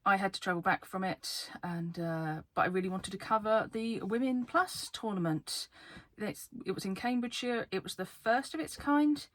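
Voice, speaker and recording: A woman card game YouTuber from the UK, talking fast and excitedly to camera in a casual vlog, laughing often. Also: mid-range voice, no echo. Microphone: camera facing her.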